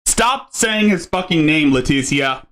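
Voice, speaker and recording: A man's voice: fairly high pitch, expressive, a little slow, background noise. A man commenting scornfully on a clip during a live stream, swearing as he talks.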